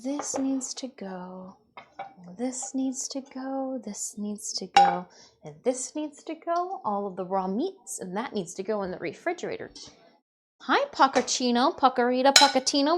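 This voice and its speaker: A woman from Michigan talks her way through a cooking stream in a loose, chatty manner, cursing freely and sinking into quiet mutters as she works. Her voice is high and very lively, leaping up and down in pitch. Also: unhurried, background noise. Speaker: livestreamer. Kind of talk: casual live-stream chat while cooking.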